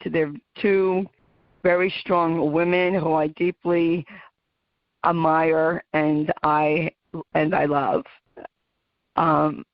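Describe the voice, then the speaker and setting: A middle-aged American woman talks to her radio listeners, heartfelt and quick to laugh. She speaks slowly and takes her time. The recording is muffled and dry, with no room sound. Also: lowish voice, no echo. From United States. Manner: heartfelt, emotional, laughs often. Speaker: radio show host. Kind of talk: personal talk to listeners.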